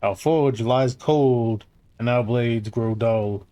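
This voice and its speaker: A man reading the lines of a formal, solemn king in a slow, measured way, close to his own voice. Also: mid-range voice, dark tone, natural voice. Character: solemn regal king welcoming a new smith.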